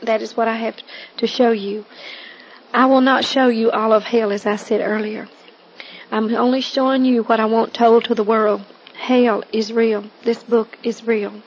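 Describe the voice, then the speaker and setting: A woman recounting her testimony as a taped sermon, earnest and pleading, slowing to stress her words. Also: a little high, steady tone. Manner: earnest, pleading, slow and emphatic. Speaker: evangelist telling her testimony. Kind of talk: recorded testimony sermon on tape. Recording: dull lo-fi tape recording with faint hiss.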